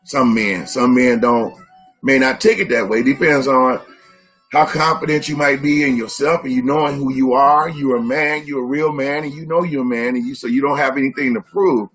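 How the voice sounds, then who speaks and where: A man's voice: medium pitch, moderate pace, a bit bright, faint music behind. A man co-hosting a live-stream discussion, teaching by asking his listeners rhetorical questions.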